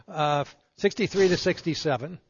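A man's voice: on the high side, moderate pace, slight background noise. An older man and veteran, telling war stories to an audience and chuckling as he goes, then introducing the next speaker at a handheld microphone. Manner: chuckles through his stories, animated. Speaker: veteran and event emcee. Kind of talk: anecdotal storytelling to an audience. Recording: muffled sound in a reverberant hall.

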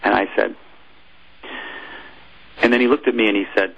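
A former military chaplain, a man, telling a personal story in an interview, halting and repeating words as he goes. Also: on the low side, steady tone, vocal fry, slightly rough, muffled recording.

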